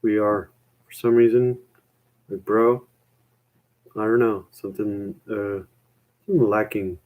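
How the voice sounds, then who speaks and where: A man's voice: lowish voice, flat delivery, a little slow, phone-quality sound. A young man rambling in a casual chat with his viewers, self-mocking and full of "man" and "dude".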